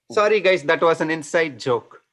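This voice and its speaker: A man from India with an Indian accent, performing a stand-up set of deadpan one-liners over a video call. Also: fairly high pitch. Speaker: stand-up comedian. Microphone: computer mic on a video call.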